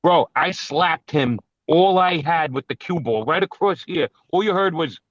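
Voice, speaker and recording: Brash Brooklyn podcast co-host, profane storyteller, slightly high voice, dry close sound. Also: male voice, expressive, unhurried, dry recording. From New York. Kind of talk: casual storytelling chat. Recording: dull, dry lo-fi recording.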